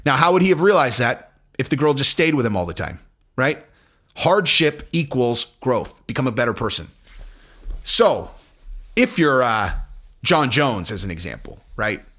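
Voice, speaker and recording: A man talking casually as an MMA commentator, blunt and a little profane, rambling between points in a relaxed vlog way. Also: medium pitch, normal speed. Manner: animated, rambling, acts out quotes in other voices.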